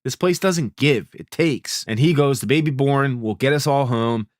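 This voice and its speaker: Relaxed man recapping a show, dry sound. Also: mid-range voice, moderate pace, no room sound. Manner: laid-back, profane, paraphrases characters' lines in plain retelling. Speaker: TV recap host. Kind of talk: casual spoken recap.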